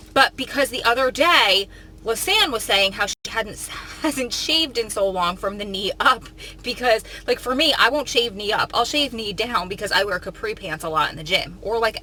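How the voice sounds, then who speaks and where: A woman talking casually to her vlog viewers in a chatty, rambling way, full of fillers and quick to joke and laugh. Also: on the high side, bright, forceful tone, poor audio. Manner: laughs easily, jokey. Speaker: vlogger.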